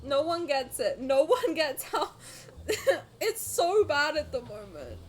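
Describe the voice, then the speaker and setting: A young woman streaming a game reaction, reading the story aloud and gushing excitedly, swearing freely. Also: high-pitched, slow pace, faint music behind.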